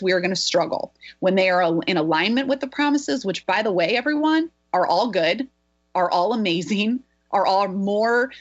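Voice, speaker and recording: A woman's voice: mid-range voice, lo-fi sound. A woman hosting a health talk show, speaking in an emphatic, motivational way. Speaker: health coach, show host. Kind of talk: energetic radio talk.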